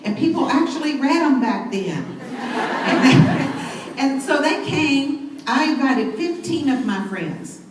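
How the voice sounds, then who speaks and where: A middle-aged woman speaks on stage at a sales event, telling stories with lively enthusiasm and calling out to the crowd. Her voice sits a little high. It rings in a very echoey hall, picked up from a bit away, with faint noise underneath. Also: takes it slowly, recorded from a distance. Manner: enthusiastic, storytelling, addresses crowd. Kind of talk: motivational talk on stage.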